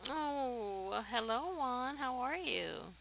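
A young woman hosting a let's play, chatting to viewers in a chatty, excitable way and laughing often. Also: high-pitched, takes it slowly, creaky, a little hiss or hum, rough recording. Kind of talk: casual gameplay commentary.

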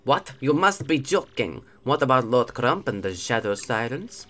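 A man's voice: low-pitched, wildly swooping pitch, fast talker, husky, pitched below the performer's own voice, full character voice. A man doing a pompous villain commander. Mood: shocked.

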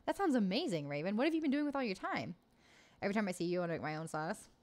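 Bubbly woman streamer, lively pitch. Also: very fast. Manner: bubbly, swears freely, laughs often. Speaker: livestream host. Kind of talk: casual chat reading live comments.

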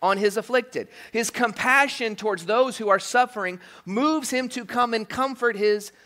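A male pastor preaching a sermon in a church, animated and joking, with frequent asides like "okay?" and "right?". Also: extremely high pitch, moderate pace. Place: church sanctuary.

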